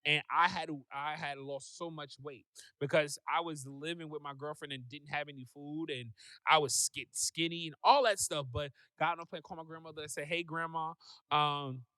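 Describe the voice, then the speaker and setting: A man, a guest on a talk show, telling a personal story in a lively way and acting out what people said. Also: a little high, normal speed, clear, resonant tone, no room sound. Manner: animated, acts out quoted voices. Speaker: podcast guest.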